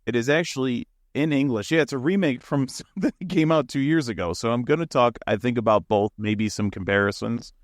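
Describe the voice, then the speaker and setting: A man's voice: mid-range voice, fairly quick, few pauses, dry recording, clean studio sound. Eager man chatting on a podcast. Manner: enthusiastic, rambling, laughs often. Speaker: podcast co-host. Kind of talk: casual chat.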